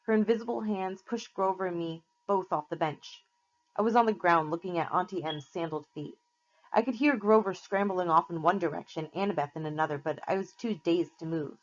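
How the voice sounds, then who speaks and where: A woman teacher reads a novel aloud to her class in a steady, plain storytelling manner. Her voice sits fairly low, and the recording sounds slightly muffled and lo-fi. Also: fairly quick, a little hiss or hum.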